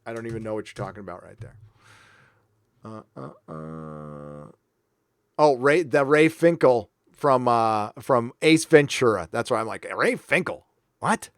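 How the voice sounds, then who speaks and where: A man's voice: medium pitch, expressive, a little slow, smooth, no room sound. A man hosting a casual livestream, reading viewer donations aloud and answering them with sarcastic, mock-earnest remarks.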